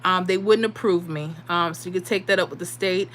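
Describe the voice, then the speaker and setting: A woman's voice: lowish voice, steady tone, brisk, a bit bright, slight background noise, poor audio. A woman from Florida, hosting a casual livestream and answering viewer comments. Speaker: livestream host.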